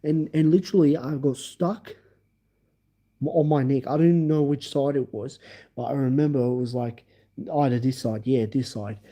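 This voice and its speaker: Emphatic man telling a story, mellow tone. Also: medium pitch, normal speed. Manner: animated, emphatic, acts out scenes. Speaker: livestream host. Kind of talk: casual storytelling.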